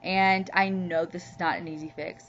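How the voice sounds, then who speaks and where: Recording a personal video diary, a vlogger from Louisiana, USA talks heartfelt and rambling, peppered with "you know"s. Her fairly low, slightly bright voice keeps a moderate pace and fairly even intonation. The audio is muffled and lo-fi, with a faint hum underneath.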